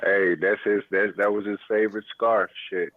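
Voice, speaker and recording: A man's voice: fairly low pitch, level tone, normal speed. A man in a casual chat, joking and swearing freely. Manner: joking, profane. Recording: tinny phone line with faint hiss.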